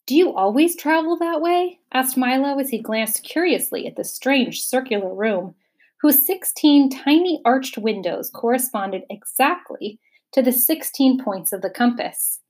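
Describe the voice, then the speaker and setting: A woman reading a children's novel aloud with lively expression. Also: fairly high pitch, unhurried. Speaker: audiobook narrator. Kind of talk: storybook reading.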